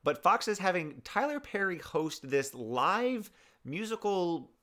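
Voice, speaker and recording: A man in his thirties co-hosts a casual conversation, often stopping to restart his sentences and leaning on fillers. His pitch rises and falls freely as he wanders through his thoughts. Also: very animated, bright, forceful tone. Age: 30s. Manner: rambling, halting with many restarts and fillers. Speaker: podcast co-host. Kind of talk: casual chat.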